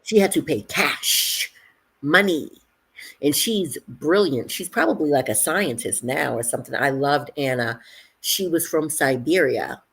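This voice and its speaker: A woman with a low, husky voice talks in a loose, casual chat. She tells stories with energy and acts out what other people said. She laughs often between lines. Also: unhurried. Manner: animated storyteller, acts out quotes, laughs often.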